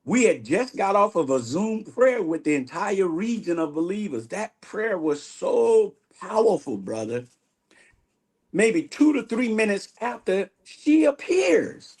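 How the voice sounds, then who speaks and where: A man giving an animated spiritual testimony in an interview, acting out the dialogue he recounts. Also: high voice, unhurried, husky. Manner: animated storyteller, acts out quoted dialogue. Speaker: guest minister.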